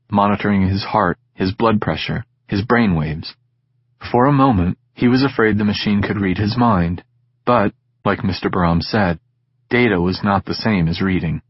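A man reads a story aloud in a steady, measured way. His voice is low and husky. The recording is dry and dull, like lo-fi audio. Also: no echo. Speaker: audiobook narrator. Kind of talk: scripted narration.

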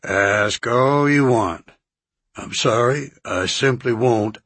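A man doing a deep-drawling, suspicious country doctor. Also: fairly bright tone, no room sound. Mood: wary. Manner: slow, stubborn, guarded.

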